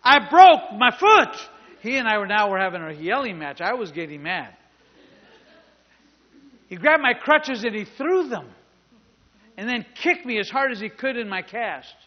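A male pastor with a high voice tells a story during a sermon at normal speed, pausing often and acting out the dialogue while joking with the live congregation. The sound is lo-fi.

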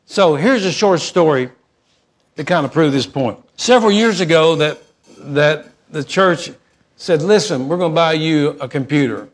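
A middle-aged man, preaching a sermon in a folksy, animated storytelling manner, alternating quick asides with slow emphasis. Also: fairly high pitch. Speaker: pastor.

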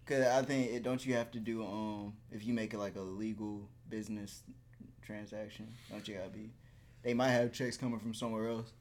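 A man's voice: on the low side, flat delivery, brisk, a little mellow. A man in casual podcast chat who laughs often and acts out quoted dialogue, with hesitant restarts.

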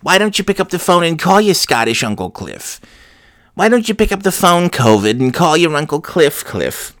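A fussy, nagging relative, played by a man, scolds in a lively, sing-song voice that sits a little high, repeating the name again and again. The recording is dry and close. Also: moderate pace, no echo.

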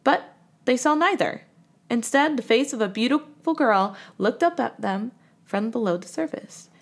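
A woman reads a children's storybook aloud in a lively, expressive way. Her voice is somewhat high and moves a lot in pitch. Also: normal speed. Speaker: reader.

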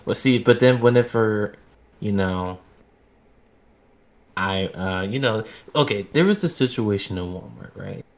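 A man's voice: fairly low pitch, measured pace, pauses often. A young man co-hosting a casual chat podcast, speaking hesitantly with many fillers and restarts. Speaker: podcast co-host.

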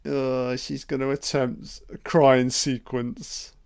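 Sarcastic, slow-talking man. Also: medium pitch, gravelly, clear, resonant tone. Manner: mocking, profane, deadpan asides. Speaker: film commentator. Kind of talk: sarcastic solo film commentary.

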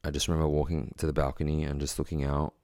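A man telling a personal story in a quiet, halting, reflective way, with many pauses and fillers. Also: very deep voice, flat delivery, no room sound, clean studio sound.

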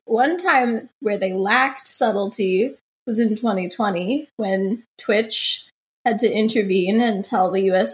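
A woman co-hosting a casual comedy podcast, joking and reading out news items. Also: on the high side. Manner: joking, reads quotes in mock voices. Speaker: podcast co-host.

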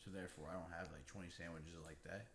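A man's voice: deep voice, steady tone, fast, fairly bright tone, roomy sound, slight background noise. A man chatting casually and profanely on a podcast about his store, laid-back. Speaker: podcast guest, store owner. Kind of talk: casual banter.

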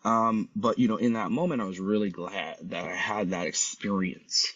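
A husky man with a low-pitched voice tells a story as host of his podcast, talking casually and with energy. He keeps checking in with "right?" and jumps up in pitch when he acts out other people. The recording sounds dull and lo-fi. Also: moderate pace. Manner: animated, acts out quoted people in a raised voice, tags lines with "right?".

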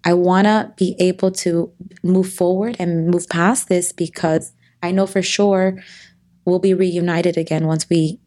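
A woman in her thirties speaks as a guest in a heartfelt podcast conversation, her voice sitting a little low. She talks earnestly and openly, often breaking off and restarting her sentences. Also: steady tone, unhurried, dark tone.

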